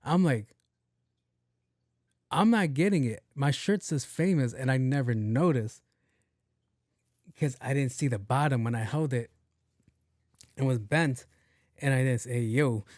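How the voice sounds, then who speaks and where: A man's voice: medium pitch, a little mellow, no room sound, clean studio sound. A young man hosting a podcast, telling a rambling, profane story and acting out both sides of the conversation. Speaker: podcast host. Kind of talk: casual storytelling monologue.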